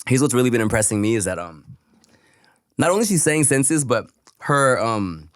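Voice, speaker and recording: A man's voice: mid-range voice, lively intonation, normal speed, no echo, studio quality. Laid-back slangy man on a podcast. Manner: laid-back and slangy, calls his friend bro and dude. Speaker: podcast co-host. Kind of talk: casual podcast chat.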